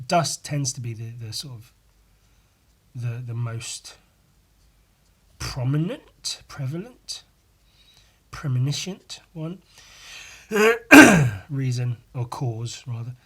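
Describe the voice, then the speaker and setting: A man hosting a casual solo podcast, hoarse and losing his voice, rambling, swearing freely and putting himself down. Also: medium pitch, expressive, slow, long pauses, fairly bright tone. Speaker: podcast host.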